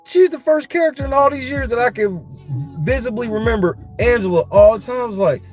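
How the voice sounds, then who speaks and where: A man hosting a casual, profane reality-TV recap chat, talking in an animated, mocking, slangy way. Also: very high-pitched, a little fast, soft background music. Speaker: podcast host.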